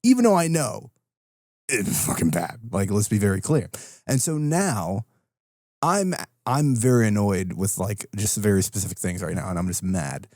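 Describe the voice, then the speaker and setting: Low-voiced man ranting on a podcast. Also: normal speed, dry recording, clean studio sound. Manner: animated, swearing, ranting with a laugh. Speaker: podcast co-host. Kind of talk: casual podcast chat.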